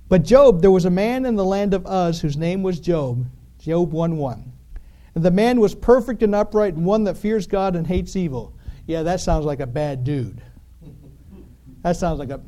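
A male preacher with a high yet mellow voice delivers a lively sermon. He talks to the congregation directly, pressing points with rhetorical questions and sudden emphasis. His pitch rises and falls freely as he drives each point home.

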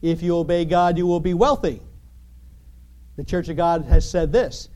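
A man preaching a sermon in an animated, emphatic, conversational way, full of rhetorical questions. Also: a little high, normal speed, pauses often.

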